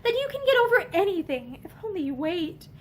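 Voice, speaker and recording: A woman reading aloud, voicing an earnest, innocent young girl who pleads and rushes on eagerly. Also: extremely high pitch, very animated.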